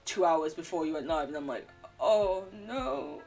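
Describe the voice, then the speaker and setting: A woman's voice: low voice, fast, darkish tone, soft background music. A young woman with a standard English accent, chatting to her viewers in a giggly, teasing way while she plays a game. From England. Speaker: streamer. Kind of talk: casual live-stream chat while gaming.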